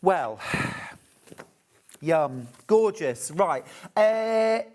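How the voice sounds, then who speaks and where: A woman's voice: lowish voice, lively intonation, extremely slow, darkish tone. A woman with a British accent presenting a live shopping show, chatting to viewers and gushing over fabrics. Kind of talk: live sales demonstration.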